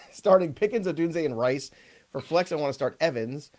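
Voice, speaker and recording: A man's voice: a little high, animated, normal speed, darkish tone. Joking male fantasy football host. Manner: joking and loose, often laughing. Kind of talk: live casual sports advice chat.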